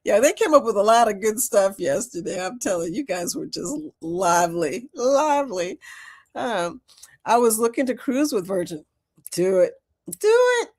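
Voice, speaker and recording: An older woman hosts a casual livestream chat, greeting viewers by name. She talks loudly, and her pitch swings up and down a lot. She laughs often. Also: moderate pace. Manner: animated, laughs often, loud and lively. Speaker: live-stream host. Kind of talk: casual live-stream chat reading comments.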